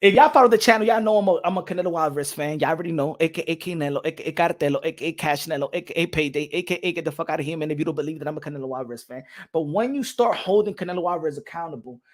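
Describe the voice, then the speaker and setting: A man's voice: fairly high pitch, racing, hardly any pauses. A middle-aged man with a Puerto Rican accent hosting a boxing channel, talking in a loose, rambling way and mixing Spanish into his English. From Puerto Rico. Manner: rambling, repeats words, switches between English and Spanish. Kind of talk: casual live-stream commentary.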